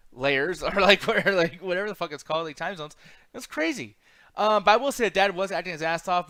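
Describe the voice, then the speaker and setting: Fast-talking, bright-voiced young man ranting. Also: a little high, no echo. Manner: profane, rambling, animated ranting. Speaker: podcast co-host reviewing movies. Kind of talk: casual chat.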